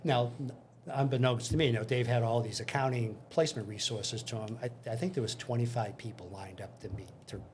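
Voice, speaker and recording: An older man being interviewed tells casual, anecdotal career stories in a brisk, medium-pitched voice, playing out the dialogue and often starting over. There's a little hiss or hum.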